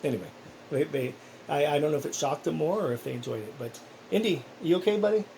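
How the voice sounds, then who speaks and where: A man's voice: a little high, animated, fast talker, vocal fry, a little mellow, slight background noise, rough recording. A man talking casually in a personal vlog, rambling and earnest, with many restarts. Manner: earnest, encouraging. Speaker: vlogger.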